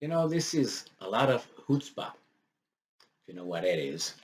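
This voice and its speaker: A very animated man with a lowish voice comments casually on a news article at a measured pace. His delivery rambles, full of fillers and restarts, and he acts out quoted voices with mock exasperation.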